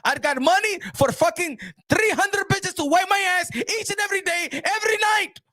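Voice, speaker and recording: A man doing an impression of a boastful, rich male boxing promoter, shouting and swearing in exasperation. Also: extremely high pitch, normal speed, voice pushed up. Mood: indignant.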